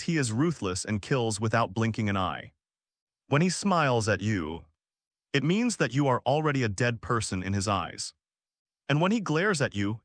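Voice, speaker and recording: A man narrating a translated web novel as an audiobook in a lively storytelling way. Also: mid-range voice, no echo, clean studio sound.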